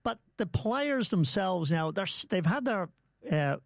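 A man's voice: high voice, sing-song, a little slow, vocal fry, no echo. A man, hosting a casual sports chat show and steering the conversation. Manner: easygoing, steers the talk. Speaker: host.

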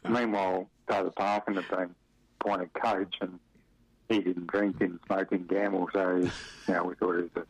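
A man's voice: sits low, little pitch movement, normal speed, slightly rough, no room sound. A middle-aged Australian man from Western Australia, telling stories about his football career in a rambling interview, with lots of fillers and chuckles. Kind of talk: relaxed storytelling in an interview. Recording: dry, dull lo-fi radio audio.

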